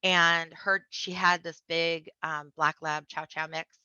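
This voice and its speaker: A woman guest on a podcast telling her personal story in a casual, animated way, acting out the other people in it. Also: sits low, slow pace, clear, resonant tone, dry recording. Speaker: podcast guest, memoir author. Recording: dull lo-fi dry sound.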